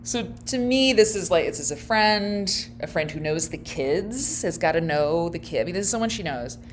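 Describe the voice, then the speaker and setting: A woman giving casual, wry commentary as she reacts to a video clip, laughing often and thinking out loud. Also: lowish voice, animated, normal speed, a little hiss or hum.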